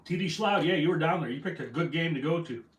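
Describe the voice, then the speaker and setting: A man's voice: fairly high pitch, quick pace, slight background noise. A man hosting a casual fishing livestream, reading out viewer comments in a rambling, self-deprecating way. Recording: echoey room, voice from afar.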